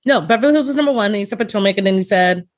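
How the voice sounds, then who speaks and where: A woman's voice: medium pitch, rapid-fire. Woman podcast cohost, curious, laughs a lot, always asking stuff. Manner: curious, laughs easily, asks questions. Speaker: podcast co-host. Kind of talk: casual chat.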